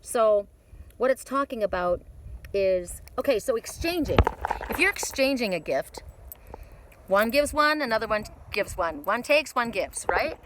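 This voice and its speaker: A woman's voice: a little high, big pitch swings, unhurried. A woman in her fifties doing a casual oracle card reading outdoors in a windy mountain forest, chatty and rambling with frequent repeats. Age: 50s.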